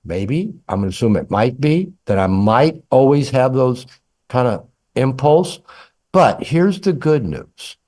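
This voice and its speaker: Older male author guest, lively candid storyteller, self-mocking, acts out both sides of a conversation. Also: mid-range voice, unhurried. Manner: animated, self-deprecating, acts out dialogue with humor. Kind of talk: candid storytelling in a podcast interview.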